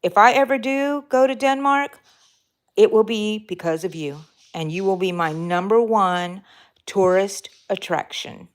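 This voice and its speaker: A woman hosts a relaxed crochet live stream, talking to her viewers as she works. Her talk is chatty and rambling, full of fillers and quick self-corrections. Her pitch sits in an ordinary middle range. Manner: talks while crocheting. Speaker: crochet livestream host. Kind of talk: casual live-stream chat reading out viewer comments.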